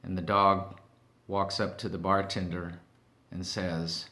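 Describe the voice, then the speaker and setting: A man as host of a comedy segment, telling corny jokes in a deadpan way and letting his voice drop off softly after each punchline. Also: low voice, takes it slowly.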